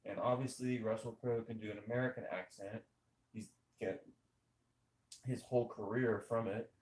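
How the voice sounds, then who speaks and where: Animated, opinionated man in an echoey room. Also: lowish voice, normal speed. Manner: animated, emphatic, rhetorical questions. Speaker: podcast host. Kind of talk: casual opinionated chat over gameplay.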